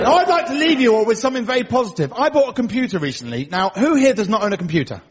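A man performing a stand-up comedy set, telling dry one-liners in a deadpan way and acting out other people's lines. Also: extremely high pitch, quick pace, hardly any pauses, over a noisy crowd. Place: comedy club stage before a laughing audience. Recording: dull live recording with audience noise. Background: audience laughter.

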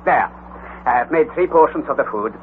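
A man's voice: a little high, lively intonation, moderate pace, close to an everyday voice. A man playing a bold, lofty old professor. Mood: commanding. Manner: commanding, lofty, declamatory. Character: older male professor uncle, bold and learned. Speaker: Uncle, the expedition leader. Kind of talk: old radio drama acting. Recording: tinny lo-fi old radio recording with faint hiss.

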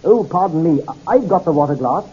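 A man voicing an eager, apologetic young male chemist who talks quickly and hesitantly. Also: on the high side, expressive, dark tone, husky. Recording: dull lo-fi recording.

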